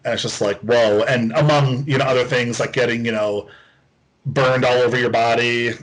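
A man's voice: medium pitch, fairly even intonation, moderate pace, rough recording. A man co-hosting a casual podcast, talking loosely with many "you know" and "um" fillers. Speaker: podcast co-host. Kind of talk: casual chat.

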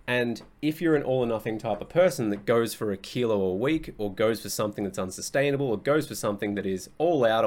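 A man's voice: medium pitch, lively intonation, fairly quick, hardly any pauses. Blunt, swearing male podcast coach. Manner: blunt, swears often, laughs easily. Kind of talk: casual solo podcast talk.

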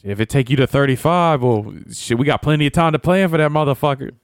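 A man hosting a podcast, joking crudely with friends, swearing freely and laughing loudly. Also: mid-range voice, clear, resonant tone, no echo, studio quality. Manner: loud, swearing, laughing, fast talker. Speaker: podcast host. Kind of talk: crude casual banter.

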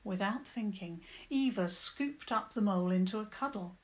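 A woman calmly and gently narrating a children's story. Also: mid-range voice, moderate pace.

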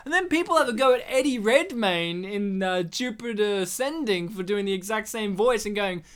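A woman's voice: medium pitch, animated, moderate pace. A woman co-hosting a casual movie commentary chat, playful and joking, laughing often. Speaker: podcast co-host.

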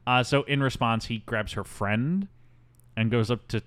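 A man co-hosting a podcast, recapping a movie in casual, deadpan chat with mocking asides. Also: mid-range voice, measured pace, smooth. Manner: wry, deadpan, does mocking impressions. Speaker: podcast co-host.

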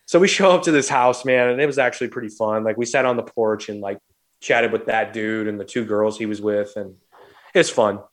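A man's voice: fairly low pitch, fairly quick. A man from St. Louis hosting a podcast, telling a story casually and acting out the quotes with plenty of swearing. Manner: animated, swears freely, acts out quotes. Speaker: podcast host.

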